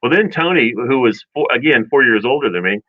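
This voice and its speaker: A man's voice: mid-range voice, lively intonation, fairly quick, no echo, phone-quality sound. A man co-hosting a radio show, telling a long rambling childhood story in casual chat and acting out family quotes. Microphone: studio microphone.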